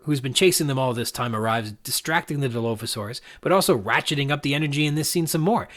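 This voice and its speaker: A man hosting a podcast, talking through a novel's punctuation in a measured, reflective, analytical way. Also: on the high side, fairly bright tone. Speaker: podcast host.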